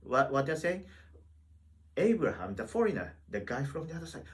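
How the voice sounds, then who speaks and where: A man teaching a Bible lesson in church, animated and full of rhetorical questions. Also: medium pitch, normal speed, poor audio. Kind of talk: teaching sermon. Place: Wales.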